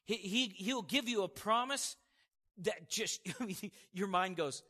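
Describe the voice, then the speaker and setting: A man's voice: sits high, measured pace, sharp tone, big-room sound. A man preaching a sermon in an emphatic, conversational way, with casual asides to the congregation.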